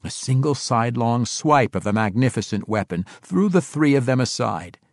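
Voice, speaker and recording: A man narrating a fantasy novel in expressive storytelling style. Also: medium pitch, moderate pace, no room sound, clean studio sound. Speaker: audiobook narrator.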